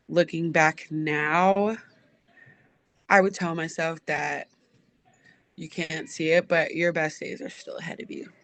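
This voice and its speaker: Woman coach, interview guest; bright, tense tone, earnest and reflective. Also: sits low, fairly even intonation, a little slow, long pauses, no echo. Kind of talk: heartfelt interview answers.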